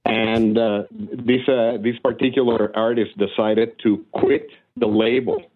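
Halting man on a tinny phone line. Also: medium pitch, level tone, a little hiss or hum. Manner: hesitant, many restarts and fillers. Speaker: caller. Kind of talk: casual call-in chat.

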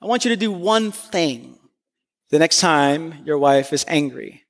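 A man preacher voicing his therapist as a calm, patient man giving slow, deliberate advice. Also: on the high side. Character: calm, patient male therapist, middle-aged. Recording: long hall reverb.

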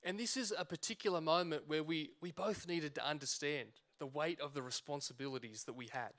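High-voiced pastor telling a story. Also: male voice, brisk. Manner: animated storytelling, acts out shouts and quotes. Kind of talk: sermon with personal story.

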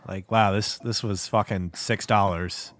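A man's voice: lowish voice, steady tone, measured pace, fairly bright tone, dry recording. A man co-hosting a podcast, adding dry, sarcastic remarks in casual banter. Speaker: podcast co-host.

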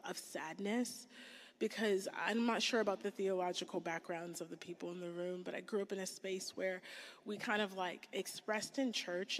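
A woman in her thirties giving a casual, conversational sermon. She leans heavily on "like" and drops to a hushed whisper for emphasis. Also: medium pitch. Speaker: speaker preaching to a church audience. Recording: long reverb in a hall.

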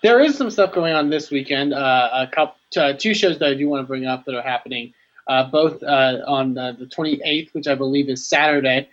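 A man co-hosting a podcast in casual chat, rambling with many pauses. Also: mid-range voice, fairly bright tone. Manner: rambling, lots of uh and restarts. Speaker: podcast co-host. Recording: dull lo-fi audio.

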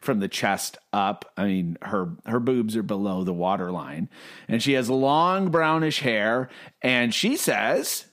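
A man's voice: lowish voice, slow, a bit bright. A man co-hosting a podcast, rambling through comic strip panels in casual comedic chat, often restarting and breaking into laughter.

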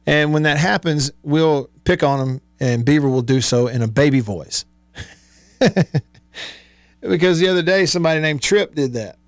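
A man's voice: fairly high pitch, normal speed, pauses often, dry recording. A man hosting a radio talk show, chatting loosely, laughing often and reading sponsor plugs. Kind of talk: casual sports-talk radio chat. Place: radio studio.

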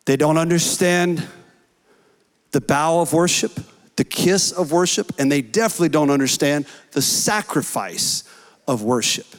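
A man preaching a sermon, earnest and rising to shouts in prayer. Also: on the high side, animated, unhurried. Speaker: pastor. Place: church hall. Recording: long hall reverb.

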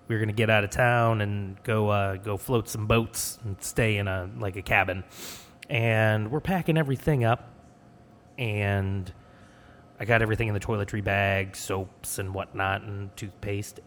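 A young man hosting a podcast, talking casually in a joking, rambling way. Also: fairly low pitch. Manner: chatty, joking, rambling asides. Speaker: podcast host. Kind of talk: casual solo intro monologue.

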